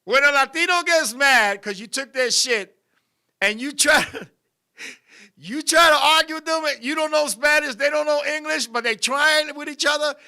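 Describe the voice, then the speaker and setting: A man with a very high, piercing, bright voice hosts a comedy talk show. He rants in an animated, profane way and breaks into laughter at his own jokes. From Puerto Rican family. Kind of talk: comedic rant with banter.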